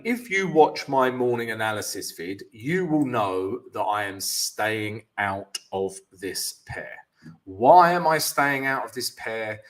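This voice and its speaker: A man's voice: medium pitch, a bit bright. A man hosting a live trading stream, walking viewers through charts and greeting them by name, with frequent "yeah" and "guys". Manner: explanatory, peppered with "yeah" and "guys", reading out viewer names.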